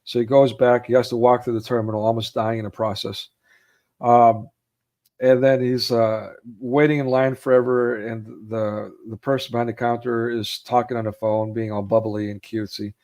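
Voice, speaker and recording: A man at an ordinary middle pitch talks casually about his favorite movies. He retells scenes in detail, with plenty of fillers and easy laughter. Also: level tone, moderate pace, darkish tone. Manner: retells film scenes, acting out quotes with raised voice; laughs easily, many fillers. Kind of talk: casual chat about films.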